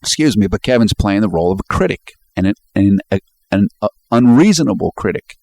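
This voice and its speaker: A man's voice: fairly low pitch, expressive, fairly quick, vocal fry, darkish tone, dry recording. A man talking casually as he breaks down a video scene by scene, often chuckling while quoting lines. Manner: chatty, quotes lines with laughs. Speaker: commentator.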